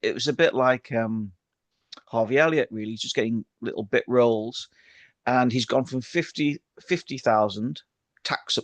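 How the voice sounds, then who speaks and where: A man's voice: medium pitch, normal speed, dry recording. Chatty man steering the talk. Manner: chatty, steers the talk onto new topics. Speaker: podcast co-host. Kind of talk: casual football chat.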